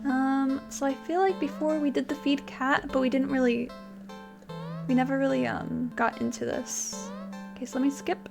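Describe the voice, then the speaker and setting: A woman's voice: high-pitched, fairly even intonation, normal speed, vocal fry, over music. A young woman playing a video game, reading its narration aloud dramatically and chatting in between with hesitant fillers. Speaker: game streamer. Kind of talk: let's play, reading game text aloud.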